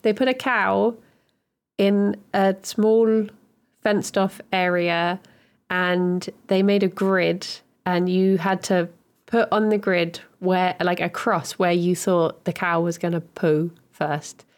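A woman's voice: fairly low pitch, fairly even intonation, takes it slowly. A woman from Hertfordshire, co-hosting a podcast and rambling through stories with lots of giggles. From Hertfordshire, England. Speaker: podcast co-host. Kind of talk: casual chat.

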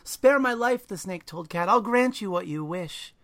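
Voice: lively intonation, moderate pace, no room sound. A storybook reader voicing a magic snake that grants wishes, in a raised storybook voice. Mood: teasing. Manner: higher, louder storybook voice.

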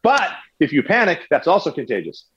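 A man telling a story in a conversational way, animated, with restarts and sports analogies. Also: a little high, brisk, husky, muffled recording. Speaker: guest recounting a military raid.

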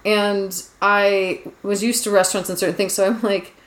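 A woman's voice: mid-range voice, steady tone, normal speed. Rambling woman podcast host, roomy sound. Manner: rambling, chatty storyteller with frequent "like"s. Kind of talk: casual podcast chat. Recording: roomy echo.

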